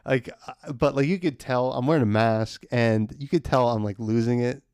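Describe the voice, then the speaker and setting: A man's voice: mid-range voice, normal speed, a little mellow, smooth, dry recording, studio quality. A young man telling a rambling work story in a casual podcast chat, with lots of fillers and laughs. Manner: laid-back, rambling, laughs often, many fillers.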